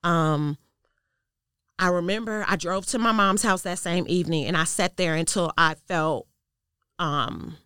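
A woman guest sharing a personal testimony in an interview, telling it in an earnest, measured way that goes quiet at the tense parts. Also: fairly low pitch, smooth, no echo, studio quality. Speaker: podcast guest.

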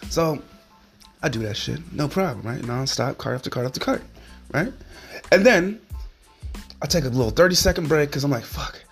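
A man's voice: a little high, animated, moderate pace, pauses often, soft background music. A man hosting a solo podcast, ranting in a heated, profane, rambling way. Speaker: podcast host.

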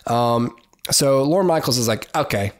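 A man's voice: medium pitch, expressive, unhurried. A man hosts a podcast by himself and talks loosely, with plenty of ums and restarts. He gives blunt, opinionated takes in a casual tone. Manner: rambling, many fillers and restarts. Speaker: podcast host. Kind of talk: casual solo commentary.

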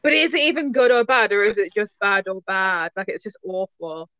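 A woman's voice: medium pitch, animated, normal speed, pushed and bright, smooth, dry recording, dull audio. A woman co-hosting a casual chat, blunt and cheeky in her jokes. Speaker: podcast co-host.

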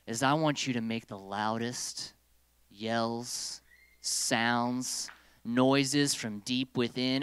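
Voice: mid-range voice, pushed and bright, clean tone, no echo. A youth group leader running a hands-on lesson in a meeting room, playfully giving stage directions to volunteers and the group.

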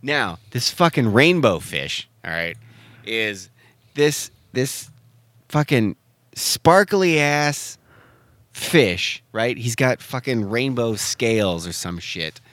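A man's voice: medium pitch, very animated, takes it slowly, a bit bright, dry recording. A man co-hosting a casual podcast, telling a story in a profane, ranting way. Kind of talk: casual chat.

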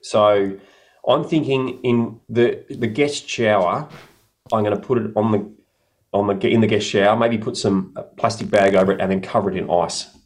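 Man, middle-aged, low pitch, rambling, self-correcting, casual chat. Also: steady tone, normal speed, darkish tone.

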